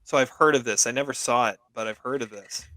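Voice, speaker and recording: A man's voice: medium pitch, brisk, pushed and bright, no echo. A man co-hosting a movie review podcast, easygoing and asking questions. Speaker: podcast co-host. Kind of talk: casual movie review chat.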